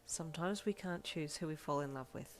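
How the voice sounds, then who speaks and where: A woman voices a kind, gently teasing older brother in a fanfiction audiobook. He talks softly and easily, in a low, unhurried voice. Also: soft background music. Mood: gentle, wry. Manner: relaxed, gently teasing, soft-spoken.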